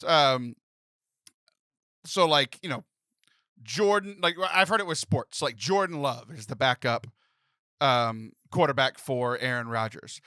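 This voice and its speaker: A man in his thirties hosting a comedic podcast, jokey and animated, often laughing as he talks. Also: mid-range voice, measured pace, long pauses, no room sound. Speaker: podcast host. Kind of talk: casual comedic podcast chat.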